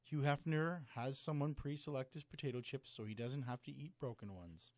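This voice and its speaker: A man's voice: mid-range voice, moderate pace, no room sound. A man co-hosting a casual, loose podcast chat, laughing often and swearing as he jumps from topic to topic. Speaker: podcast co-host.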